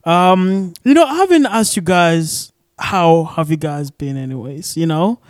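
A man's voice: fairly high pitch, expressive, unhurried, no room sound. A young man from Arizona hosting a casual solo podcast, rambling with lots of fillers and cursing, recorded in a shared studio office. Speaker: podcast host.

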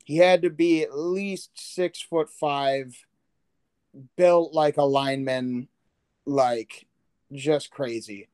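A man's voice: on the high side, fairly even intonation, takes it slowly, a little mellow, smooth, dry recording. A man co-hosting a podcast, rambling loosely about his week with casual swearing and self-corrections. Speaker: podcast co-host. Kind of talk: casual chat.

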